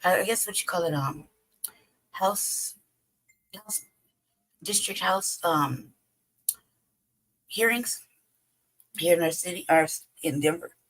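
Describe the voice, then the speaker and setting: A woman hosting a livestream in a casual, rambling way, hoarse from losing her voice and often pausing to search for words. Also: on the low side, fairly bright tone, low-quality recording. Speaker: host. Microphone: home streaming setup.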